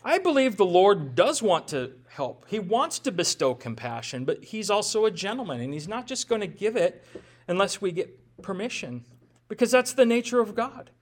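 High-voiced man preaching conversationally. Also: very animated, normal speed. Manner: conversational preaching, rhetorical questions, self-deprecating humor. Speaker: pastor. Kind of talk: sermon.

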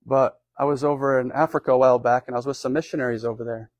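A man's voice: medium pitch, steady tone, very fast, no echo. A man from the United States giving an informal sermon in a loose, rambling way, with many fillers and restarts. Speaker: preacher.

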